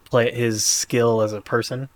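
A man co-hosting a podcast, retelling a game moment in a rambling, animated way with many fillers. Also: mid-range voice, unhurried. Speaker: podcast co-host. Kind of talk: casual chat.

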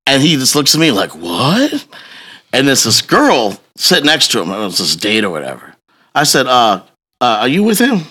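A man telling a long personal story in casual chat, profane and animated, laughing as he goes. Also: medium pitch, fairly quick.

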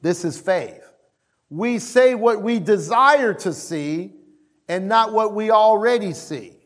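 A male pastor preaching a sermon in an emphatic way. He repeats key lines and calls out to the congregation for responses. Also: slow pace. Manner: animated, swings between loud calls and low asides.

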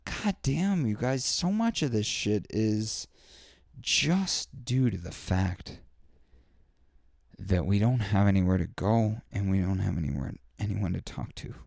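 A man's voice: fairly low pitch, expressive, unhurried, vocal fry, darkish tone, dry recording, clean studio sound. A young man hosting a podcast, talking in a rambling, profane and heartfelt solo rant full of fillers. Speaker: podcast host. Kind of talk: candid solo podcast monologue.

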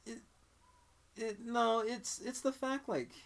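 A man's voice: extremely high pitch, slow, gravelly, a bit bright. A young man in casual chat about films, rambling and restarting his sentences a lot. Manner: rambling, lots of fillers and restarts.

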